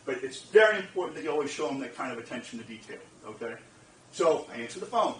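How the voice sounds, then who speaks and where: A man telling a lively story to a lecture audience, laughing, repeating phrases and checking in with the listeners. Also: medium pitch, fast, slight background noise. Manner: animated, laughing, repeats phrases, asks the audience "you get what I'm saying?". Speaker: speaker at a lecture event. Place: lecture room. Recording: roomy, distant from the mic, faint ambience.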